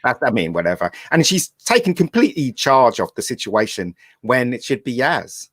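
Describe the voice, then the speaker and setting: A man hosting a casual podcast discussion, voicing opinionated complaints in an animated way. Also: medium pitch, moderate pace, husky, no echo. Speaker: podcast host.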